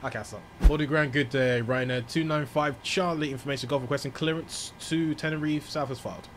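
A young British man from the UK, an excitable, jokey flight sim streamer mixing casual commentary with formal radio calls. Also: on the high side, brisk, a little hiss or hum. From United Kingdom. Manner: excitable, jokey, laughs often.

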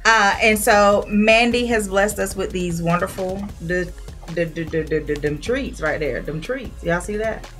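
A woman, chatting casually to viewers as she hosts a food review vlog and tells a lively story. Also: medium pitch, measured pace, faint music behind. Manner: animated storyteller, addresses viewers directly. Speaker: vlog co-host.

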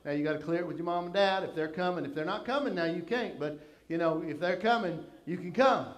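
A man's voice: high voice, fast talker. An older man, preaching a sermon and telling folksy stories about his family in a conversational way. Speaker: pastor. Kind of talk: sermon storytelling.

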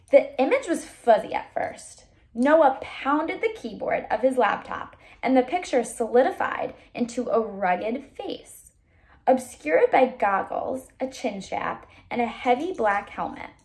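Woman teacher, reading a book aloud, lively up-and-down voice, fairly high, expressive, small stumbles. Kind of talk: reading a novel aloud to a child.

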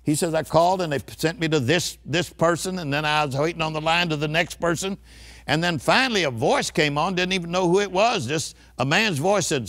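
A man's voice: on the high side, a little fast, a bit bright. An older man preaching with a fervent, rousing delivery and a slightly raised voice. He stresses his points and keeps calling on the listeners to repeat after him. His style is that of a church sermon. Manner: emphatic call-and-response preaching.

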